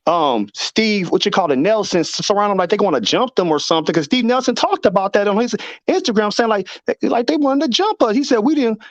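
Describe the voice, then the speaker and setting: A man co-hosting a casual boxing debate, animated, acting out quotes and repeating himself as he argues. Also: high-pitched, a little fast, hardly any pauses, no room sound, lo-fi sound. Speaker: boxing show co-host.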